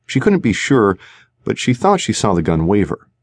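A man narrating a suspense audiobook in a measured, tense manner. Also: fairly low pitch, sing-song, no echo. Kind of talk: scripted narration. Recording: dry studio recording.

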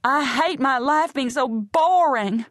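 A woman's voice: sits high, slow, fairly bright tone, no echo, studio quality, voice pushed up. A woman voicing a hysterical young woman who screams through her tears. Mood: screaming. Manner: shrieking, sobbing.

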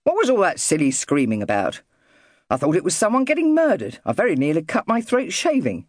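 A woman's voice: on the low side, huge pitch swings, brisk, darkish tone, no room sound, studio quality. A woman voicing a grumpy, tetchy father who scolds in disgust.

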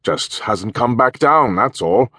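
A man's voice: medium pitch, animated, takes it slowly, bright, forceful tone, slightly rough, no room sound, studio quality, pitched above the performer's own voice, full character voice. A man voicing a pompous, patronizing hotel manager and former major, with a throaty upper-class English accent.

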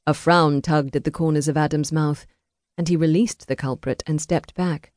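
A woman narrating a historical romance audiobook in a measured, even storytelling voice. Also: low-pitched, dry recording, studio quality.

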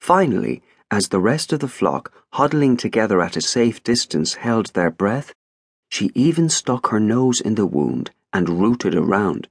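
A man narrating an audiobook in an expressive, wry storytelling manner. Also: lowish voice, measured pace, breathy edge, no echo, clean studio sound. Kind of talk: scripted narration.

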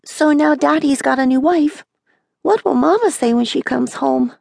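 A woman reading an audiobook, voicing a hopeful, tearful five-year-old girl in a high, childlike way. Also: normal speed, creaky, darkish tone, no echo, studio quality. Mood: plaintive.

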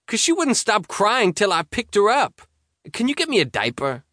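Brief: man playing a teen boy buddy, higher voice, teasing and blunt. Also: huge pitch swings, normal speed, sharp tone, no echo, clean studio sound, heavily acted. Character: teenage boy best friend, joking.

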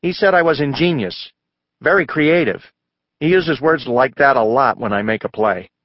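A man's voice: moderate pace, no echo, lo-fi sound, natural voice. A man voicing a shy, hesitant young schoolboy in a storybook reading. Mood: unsure. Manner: hesitant, higher voice.

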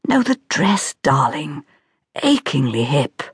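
A woman voicing a gossiping society woman in whispered role-play, hushed and confiding. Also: deep voice, big pitch swings, slow pace, breathy edge, no room sound, studio quality, full character voice. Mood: gossipy.

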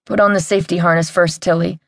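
A woman's voice: fairly low pitch, fairly even intonation, quick pace, gravelly, no echo, studio quality. A woman voicing a prim male TV presenter with tissues up his nose, his voice muffled and pious. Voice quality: muffled, stuffed-up. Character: nasal, stuffy-nosed male TV presenter, pious.

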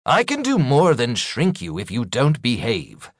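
A man's voice: medium pitch, wildly swooping pitch, unhurried, voice pushed up. An audiobook narrator playing a stern male wizard who gives curt, commanding threats.

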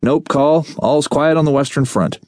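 A man's voice: a little high, normal speed, a little mellow, no echo, clean studio sound, pitched above the performer's own voice, natural voice. A man voicing a fussy young male tech geek in an audiobook, with a prim and polite manner.

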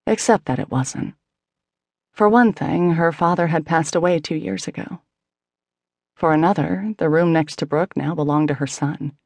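Female audiobook narrator, measured and intimate, a bit of vocal fry, dry studio. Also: low voice, darkish tone, dry recording. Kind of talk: scripted narration.

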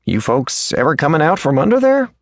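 A man doing a gruff stagecoach driver. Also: on the high side, sing-song, a little fast, no room sound, clean studio sound, pitched above the performer's own voice. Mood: impatient.

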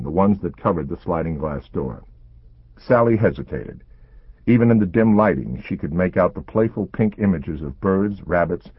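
Deep husky male thriller narrator. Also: no room sound. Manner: measured and suspenseful. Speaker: audiobook narrator. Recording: narrow phone-like sound.

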